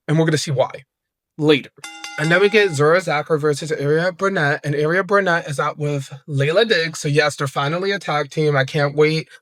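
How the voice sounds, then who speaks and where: A man recapping wrestling episodes in a casual, excitable, slangy way, acting out the wrestlers' lines as he goes. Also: on the high side, no echo. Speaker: wrestling review host.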